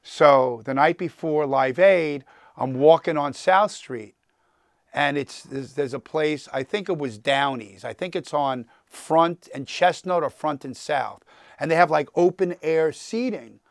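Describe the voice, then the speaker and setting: A man's voice: fairly high pitch, a little slow, no echo, clean studio sound. A talkative man in his sixties with a New York accent, telling stories and quizzing a class as a guest lecturer. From New York, the Bronx. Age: 60s. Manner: talkative, animated, quizzes the audience. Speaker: guest lecturer, entertainment attorney.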